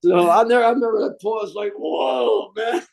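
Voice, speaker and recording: A man from the United States, a Marine veteran, telling his story in a casual interview, animated, loose, dropping "man" into his sentences and restarting often. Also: sits high, fast talker, low-quality recording.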